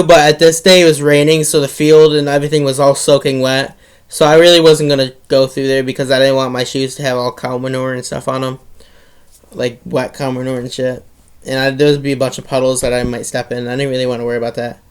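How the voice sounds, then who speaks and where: A man's voice: medium pitch, clear, resonant tone. A teenage boy telling a story in a casual monologue, rambling with many restarts and some swearing.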